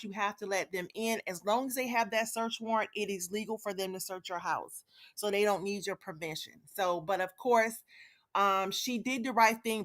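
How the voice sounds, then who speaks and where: A woman's voice: medium pitch, bright, forceful tone. A woman hosting a live stream, talking straight to her viewers in a chatty, casual way with frequent fillers. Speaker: livestream host.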